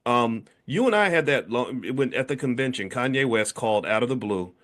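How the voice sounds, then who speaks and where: A middle-aged man hosting a relaxed chat about money and mindset. His voice sits in an ordinary middle pitch, and he circles his points with repeated restarts and fillers. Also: a little fast. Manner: rambling with many restarts and fillers. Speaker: host, founder of a business school. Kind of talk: casual conversation.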